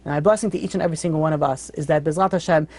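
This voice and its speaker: A man, a rabbi, giving a storytelling sermon in an earnest, animated way, often saying "you know". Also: fairly high pitch, rapid-fire.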